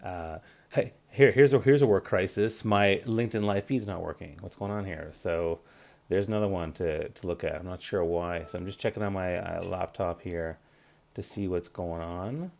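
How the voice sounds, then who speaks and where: A man's voice: low-pitched, normal speed, vocal fry, darkish tone. A man in his forties hosting a live career-advice stream, talking loosely with many fillers and restarts. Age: 40s. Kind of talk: casual live-stream talk.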